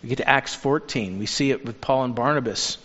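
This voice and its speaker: A man preaching a sermon as a pastor, earnest and urging, turning lively when he acts out the people he quotes. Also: mid-range voice, a little fast. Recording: dull sound with long reverb of a hall.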